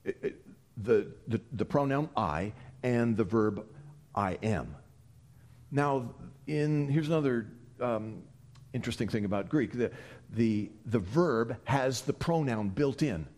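A man preaching a sermon, animated and emphatic, often restarting his phrases as he explains. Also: medium pitch, slow.

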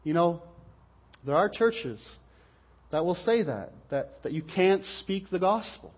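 A pastor stands at the pulpit of a church hall and preaches into the microphone, earnestly explaining and asking rhetorical questions. He has a high voice with lively intonation and speaks slowly.

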